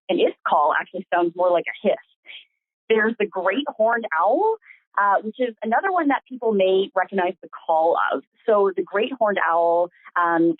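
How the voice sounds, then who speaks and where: A woman's voice: mid-range voice, no room sound. A woman biologist giving a friendly presentation on a conference call. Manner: friendly, mimics owl calls. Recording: tinny phone line, dry.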